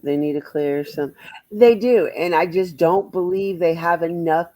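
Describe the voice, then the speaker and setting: A man's voice: on the high side, unhurried, a little mellow, no echo, rough recording. A man chatting bluntly with viewers on a livestream, rambling and swearing freely. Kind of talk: casual livestream chat answering viewers.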